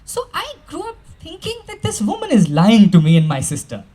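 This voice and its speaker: Lively high-voiced man giving a stage talk. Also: moderate pace. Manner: animated storytelling, acting out quoted voices. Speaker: life skills coach.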